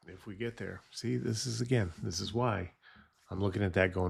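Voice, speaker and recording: A man's voice: on the low side, moderate pace, creaky, breathy edge. A middle-aged man streaming his trading live, telling rambling self-deprecating stories in a casual chat. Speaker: futures trader streaming live.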